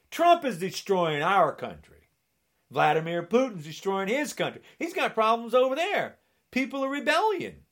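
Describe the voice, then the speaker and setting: A man's voice: high-pitched, a bit bright. A man delivering an angry political rant, sarcastic and indignant, often mocking.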